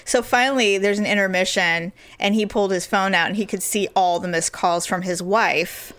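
A middle-aged woman chatting on a podcast, telling a lively story and jumping high when she quotes people. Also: moderate pace. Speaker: podcast co-host. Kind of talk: casual chat.

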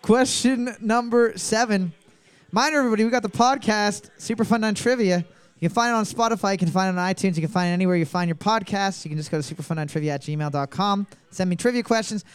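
A man's voice: sits high, fast talker, smooth, no room sound. A man hosting a trivia podcast, reading each question twice and joking between them. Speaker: trivia host. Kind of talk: casual podcast banter.

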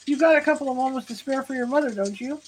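A woman's voice: sits high, fast, slight background noise, close to an everyday voice, rough recording. A woman reading as a pushy, prying mother. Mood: eager, prying. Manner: breathless, insistent questioning. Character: prying middle-aged churchgoing mother.

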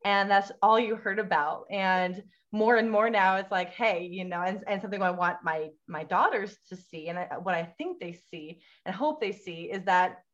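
A woman's voice: mid-range voice, normal speed, hardly any pauses, a bit bright, highs cut off. A woman guest and mother talking earnestly over an online call, filling her speech with "you know". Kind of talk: casual interview chat.

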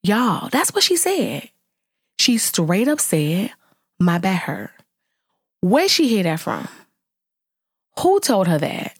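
A woman in her thirties, a mother vlogging to her viewers, telling a story in casual chat and venting with exasperated, animated exclamations. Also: medium pitch, takes it slowly, pauses often, husky, no room sound, clean studio sound.

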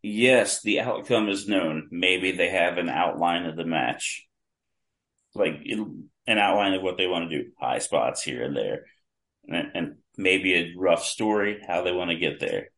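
Deep-voiced man telling a vivid story. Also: lively intonation, measured pace, fairly bright tone. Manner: vivid, detailed anecdotes with many restarts. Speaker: podcast guest, longtime wrestling fan. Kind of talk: casual storytelling.

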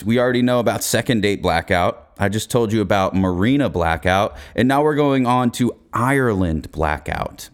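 A man's voice: fairly low pitch, lively intonation, moderate pace, hardly any pauses. A young man hosting a podcast, telling a comedic story in a casual, profane, laid-back way. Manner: profane, laid-back, laughs through his stories. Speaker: podcast host.

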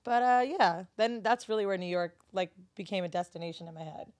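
A woman from Florida chatting as a podcast guest, blunt and full of swearing. She tells her stories by acting out what people said. Her voice sits at a middle pitch for a woman. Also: a little fast, darkish tone. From Florida, USA. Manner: candid, profane storytelling with acted-out quotes. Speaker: podcast guest, studio owner. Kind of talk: casual podcast conversation.

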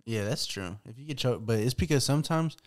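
Young guy co-host, medium pitch, chill and kinda rambly, lots of likes. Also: animated. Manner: laid-back, halting, many "like"s and restarts. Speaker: podcast co-host. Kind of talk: casual chat.

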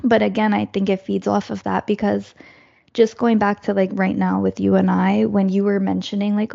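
A woman in a reflective casual conversation, thoughtful and fairly monotone. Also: medium pitch, fairly quick, gravelly, muffled recording. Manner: thoughtful, says she speaks in a monotone.

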